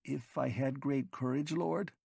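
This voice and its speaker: A man's voice: mid-range voice, fairly even intonation, a little slow, gravelly, dark tone, slightly rough, no room sound, clean studio sound, voice pushed up, full character voice. A man voicing a timid young male servant who answers deferentially. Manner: deferential, nervous.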